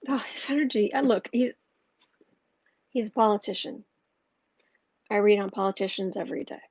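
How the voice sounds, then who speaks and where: A woman hosting a tarot livestream in casual chat, thinking aloud slowly with many fillers and restarts. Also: mid-range voice, darkish tone, slightly rough, dry recording, highs cut off.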